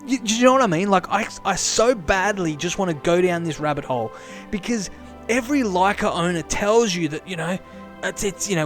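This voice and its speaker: A young man rambling excitedly to camera, repeating himself as he thinks aloud. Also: sits high, a little fast, soft background music. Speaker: camera vlogger. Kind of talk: casual rambling monologue.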